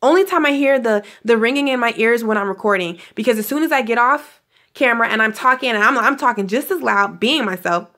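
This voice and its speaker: A woman's voice: on the high side, lively intonation, fairly quick, sharp tone. A woman giving a casual spiritual pep talk to her viewers, gushing and affectionate, calling them honey and laughing often. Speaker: spiritual guidance vlogger.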